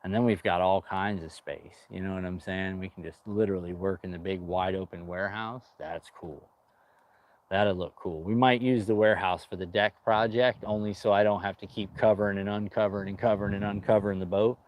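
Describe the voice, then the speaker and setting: Low, steady and brisk, this man's voice carries casual talk to his viewers while he works on his boat outdoors. The boat restoration vlogger rambles, jokes and says dude a lot.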